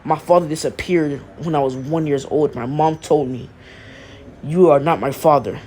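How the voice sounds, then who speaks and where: A man's voice: on the high side, normal speed, darkish tone, slight background noise, close to an everyday voice. A man doing an earnest shaken teenage boy. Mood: shocked.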